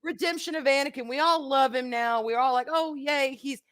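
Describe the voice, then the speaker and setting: A woman's voice: high voice, normal speed, a bit bright, no room sound. A woman co-hosting a casual live stream from home, laughing often and swearing freely. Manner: laughs often, swears, talks to the audience as y'all. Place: home room with pet kittens.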